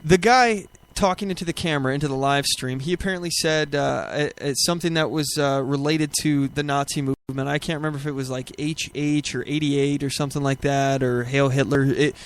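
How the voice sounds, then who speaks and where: A man's voice: a little high, steady tone, brisk, few pauses. A man hosting a political talk show, giving argumentative commentary with rhetorical questions and frequent restarts. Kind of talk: opinionated commentary.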